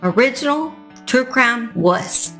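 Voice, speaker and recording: A woman's voice: fairly high pitch, lively intonation, slow, sharp tone, soft background music. A woman hosting a true crime channel, reading a scripted outro and then chatting casually, joking at her own expense with mild fake swearing.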